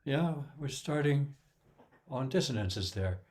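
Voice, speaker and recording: A man's voice: mid-range voice, moderate pace, darkish tone. A man giving a casual music lesson, counting beats aloud and humming rhythms to explain metre. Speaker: music teacher.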